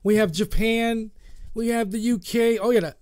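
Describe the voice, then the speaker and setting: A man's voice: extremely high pitch, steady tone, a little mellow, clean tone. A man co-hosting a casual internet radio talk show, joking and telling stories. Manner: joking, storytelling, quick asides.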